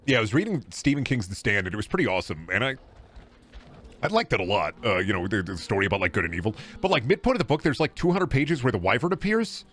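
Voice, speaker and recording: A man's voice: fairly low pitch, very animated, fast, a bit bright. A man streaming a game, rambling and joking with chat and swearing freely. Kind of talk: casual live gameplay commentary.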